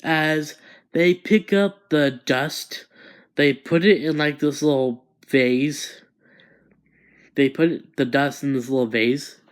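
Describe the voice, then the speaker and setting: Male fan-story narrator, slow, hesitant, improvised. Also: on the high side. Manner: hesitant, restarts often.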